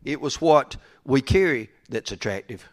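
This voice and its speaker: Brief: male preacher, drawl, folksy and emphatic, mid-pitched, repeats for effect. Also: animated, moderate pace. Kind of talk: sermon.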